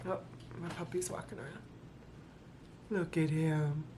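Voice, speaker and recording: A woman with a lowish voice reads a rhyming children's book aloud to camera. She stops often for dry, joking asides, then picks the story back up. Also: moderate pace, long pauses, slight background noise. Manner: sarcastic, playful commentary between read lines. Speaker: vlogger reading a children's book.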